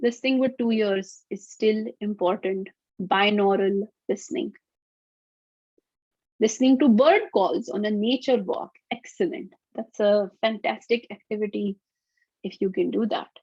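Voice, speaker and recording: A woman's voice: mid-range voice, a little slow, darkish tone, no echo. A woman presenting a live webinar on auditory skills, explaining in an upbeat, playful way. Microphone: computer mic on video call. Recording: dull lo-fi webinar audio.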